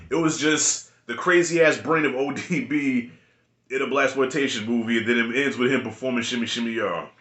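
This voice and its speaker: A man's voice: mid-range voice, fairly bright tone, reverberant. A man giving a casual spoken review of a TV episode, loose and rambling, with slangy, profane talk. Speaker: video reviewer.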